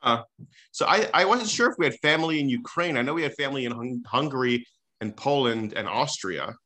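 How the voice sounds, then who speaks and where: A man hosts a casual family podcast with his mother, and his voice has a bright, forceful edge. He stumbles, repeats words and keeps trying to pull the conversation back on track. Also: medium pitch, expressive. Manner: halting, repeats himself, tries to steer the talk. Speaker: host, son.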